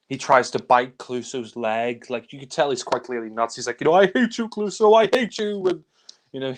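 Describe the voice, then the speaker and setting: A man reviewing films in casual chat, giving a rambling, loose recap of the plot. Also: medium pitch. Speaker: film reviewer.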